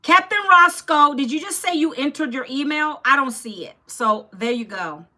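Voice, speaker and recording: A woman in her fifties hosting a live stream, talking loudly and bluntly as she pushes her program and scolds viewers in the chat. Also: high-pitched, lively intonation, moderate pace. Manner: loud and blunt, close to yelling. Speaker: livestream host selling an online program.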